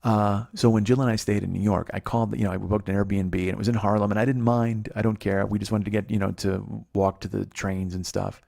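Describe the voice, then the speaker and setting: A man's voice: lowish voice, fairly even intonation, a little fast, gravelly, hardly any pauses, mellow. A man in his forties hosting a podcast, telling a rambling, profane comic story that keeps losing track. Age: 40s. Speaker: podcast host.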